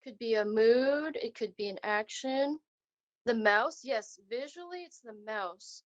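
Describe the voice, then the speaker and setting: A woman's voice: fairly high pitch, measured pace, low-quality recording. A woman leading a remote art lesson, reading a picture book aloud and asking students questions in an encouraging way. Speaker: arts teaching artist. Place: video call lesson.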